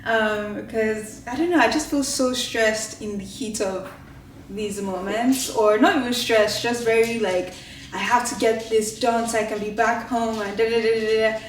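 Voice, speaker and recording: A woman's voice: fairly high pitch, steady tone, measured pace, far from the mic, slight background noise. A woman in her late twenties talking casually to her camera at home, rambling with lots of filler words. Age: late 20s. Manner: rambling, filler-heavy, many "like"s. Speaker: vlogger. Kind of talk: casual vlog chat to camera. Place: home kitchen, indoors. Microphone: camera mic. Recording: roomy echoey room.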